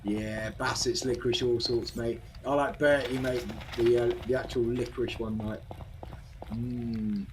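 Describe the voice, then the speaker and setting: A man's voice: mid-range voice, steady tone, unhurried. Older guy rambling over his game, calls everyone mate, noisy recording. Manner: chatty, rambling, says "mate" often. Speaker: gaming channel host. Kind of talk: casual game commentary.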